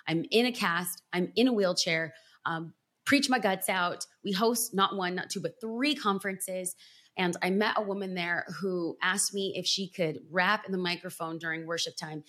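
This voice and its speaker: A woman church planter, a podcast guest, telling an emotional personal story with earnest, animated delivery. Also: on the low side. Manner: animated, earnest, pace swings from rapid to drawn out.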